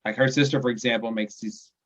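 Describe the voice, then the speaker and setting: A man in his forties from the USA, a podcast guest talking casually in a halting way, restarting his sentences and chuckling at himself. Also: mid-range voice, fairly even intonation, lo-fi sound. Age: 40s. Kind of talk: casual chat.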